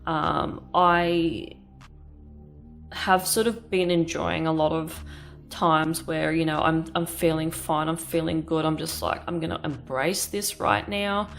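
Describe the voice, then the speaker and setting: Woman, thirties, casual chat while painting, slightly low voice, candid and rambling, swears casually. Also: little pitch movement, slow pace, vocal fry, soft background music. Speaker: art vlogger.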